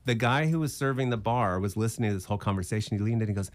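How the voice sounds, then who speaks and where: Lively storytelling man, low voice. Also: racing, no echo. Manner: animated storyteller acting out quotes. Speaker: musician guest. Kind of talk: casual radio studio chat. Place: radio studio.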